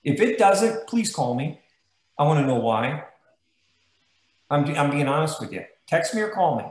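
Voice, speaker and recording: A man with a fairly high voice gives a motivational talk to sales agents. He tells stories with emphatic, emotional energy. The room around him is echoey and roomy. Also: sing-song, moderate pace. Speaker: guest host.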